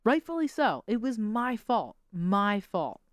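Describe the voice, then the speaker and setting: A woman podcast host telling a casual story with animated quoted voices and frequent laughs. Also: medium pitch, takes it slowly, dry recording, studio quality.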